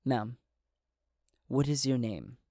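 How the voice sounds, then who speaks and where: A man narrating a solo tabletop game and voicing a calm, persuasive male rebel who negotiates diplomatically. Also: mid-range voice, no echo, clean studio sound. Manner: measured, diplomatic.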